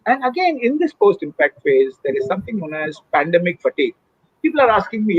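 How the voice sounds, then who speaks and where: A man's voice: sits high, big pitch swings, quick pace, slightly rough, dry recording, dull audio. A man with an Indian accent, an expert guest explaining things earnestly and at length, slipping Hindi phrases into his English. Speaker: mental health expert guest. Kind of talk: explanatory expert talk in a live Q&A.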